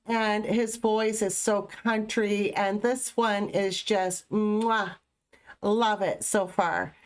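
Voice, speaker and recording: Woman, young adult, reaction host, chatty, self-amused, mid-pitched. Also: fairly even intonation, slow pace. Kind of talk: casual reaction commentary.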